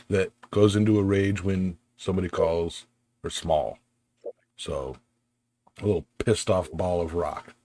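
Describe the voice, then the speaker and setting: Man, podcast host, deep and slow, easygoing, joking. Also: a little mellow. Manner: laid-back, filler-heavy and joking. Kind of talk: casual podcast chat.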